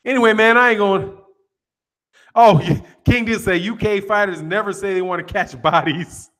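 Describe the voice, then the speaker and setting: A man's voice: sits high, steady tone, moderate pace, a bit bright. A man, hosting a boxing channel and chatting casually with viewers on a live stream, joking and answering their comments. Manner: laid-back, joking, reads out chat comments.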